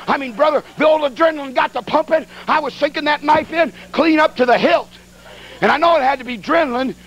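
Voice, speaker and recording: Excitable folksy preacher, high-pitched and gravelly. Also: male voice, a little hiss or hum, rough recording. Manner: folksy, animated storyteller with sound effects. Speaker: evangelist preacher. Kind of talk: storytelling sermon.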